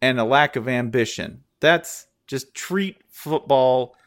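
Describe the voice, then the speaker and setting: A man's voice: medium pitch, slow pace. A man hosting a sports podcast in a casual, sarcastic, joking manner.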